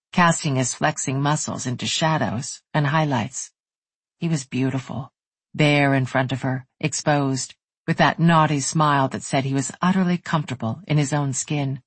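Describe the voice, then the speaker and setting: An audiobook narrator giving a soft, unhurried, intimate reading of a romance novel. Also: mid-range voice, slightly rough, dry recording.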